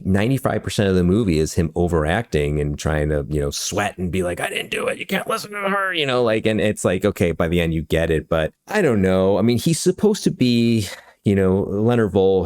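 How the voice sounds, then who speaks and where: Lively low-voiced man rambling about films. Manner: rambling, laughs often, trails off and restarts. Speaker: podcast co-host. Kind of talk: casual film discussion.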